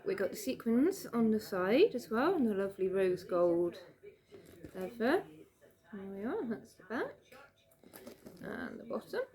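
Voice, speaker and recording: A British woman chatting casually into a camera at home, rambling cheerfully with plenty of fillers and little laughs. Her voice sits a bit low for a woman. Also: darkish tone. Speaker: vlogger. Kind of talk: casual show-and-tell chat. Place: home room.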